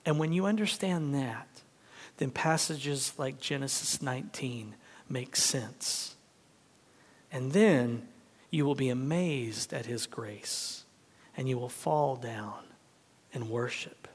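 A male pastor preaching a sermon, swinging from loud emphatic peaks to hushed whispers. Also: medium pitch, slow. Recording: long hall reverb.

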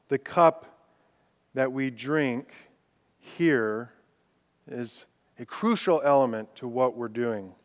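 A male pastor preaches in a church sanctuary, his smooth, resonant voice set a little high. He swings between loud declarations and hushed, drawn-out words, and he reads scripture with rising intensity. A long reverb from the large hall trails each phrase. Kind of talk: sermon.

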